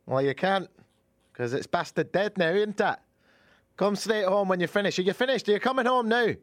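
A man's voice: sits high, moderate pace, no echo, studio quality, voice pushed up, natural voice. A man voicing a stern middle-aged Scottish mother who scolds her grown child. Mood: scolding. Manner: scolding, exasperated.

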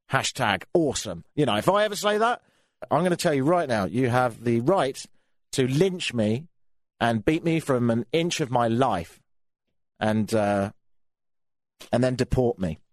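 A man's voice: medium pitch, no echo. An English man hosting a talk radio show, grumbling through a sardonic rant into a studio microphone. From England.

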